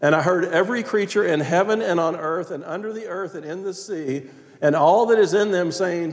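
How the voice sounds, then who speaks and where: A man preaching a sermon as pastor, reading scripture aloud and stressing key words, sometimes dropping to a quiet, prayerful tone. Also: sits high, moderate pace. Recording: long reverb of a large hall.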